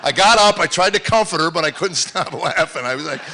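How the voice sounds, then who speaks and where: An older man performing a rambling stand-up comedy set on a live stage. He tells stories and swings from low mutters to loud exclamations. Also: lively intonation, fairly quick, a little hiss or hum.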